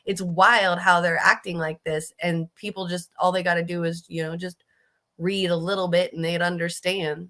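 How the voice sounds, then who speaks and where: A woman's voice: fairly low pitch, level tone, moderate pace, pushed and bright. A woman giving casual, blunt political commentary, emphatic and swearing freely, often restarting her sentences. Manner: restarts and fillers, riled up.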